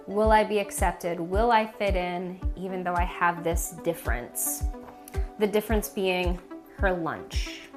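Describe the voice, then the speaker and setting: A woman walks through a children's book in an instructional video, speaking in a relaxed, conversational way. Her voice sits at an average pitch and she often pauses with fillers. Faint background music plays under her. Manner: casual, conversational, many fillers like "like" and "um". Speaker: reading teacher.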